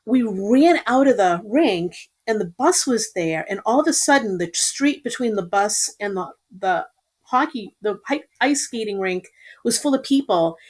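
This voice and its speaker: Animated woman telling old stories. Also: medium pitch, measured pace, slightly rough. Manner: animated, rambling anecdotes. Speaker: podcast guest. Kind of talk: casual storytelling.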